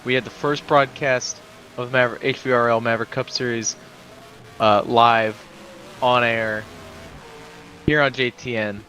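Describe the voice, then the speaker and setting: A man's voice: medium pitch, steady tone, unhurried, long pauses, pushed and bright, a little hiss or hum, low-quality recording. A man co-commentating a live sim race from the booth, folksy and upbeat.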